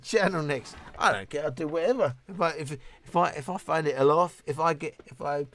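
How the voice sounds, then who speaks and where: Fielding viewer questions on a casual livestream, this fifties-aged host rambles chattily and keeps interrupting himself to begin again. He speaks at a moderate pace with barely any pauses, in a fairly bright voice on the higher side.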